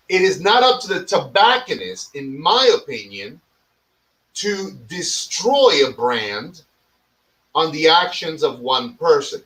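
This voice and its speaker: A man's voice: a little high, a bit bright, distant mic, low-quality recording. A man hosting a casual talk show, speaking bluntly and swearing, often repeating words as he starts a point. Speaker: cigar podcast host. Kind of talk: casual opinion chat.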